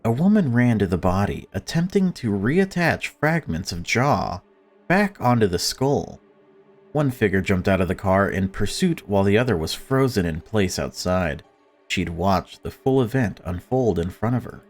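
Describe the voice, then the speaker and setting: A man's voice: fairly low pitch, very animated, normal speed, soft background music. A young man reading a horror visual novel aloud, with joking commentary between the lines. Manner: jokey, laughs at himself. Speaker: gaming YouTuber.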